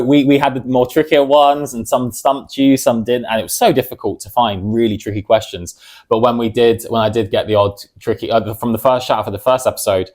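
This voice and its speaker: A man co-hosting a casual podcast, talking in halting bursts with frequent ums and restarts and easy laughter. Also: medium pitch, a little mellow. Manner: hesitant, many ums and restarts, laughs easily. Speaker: podcast co-host.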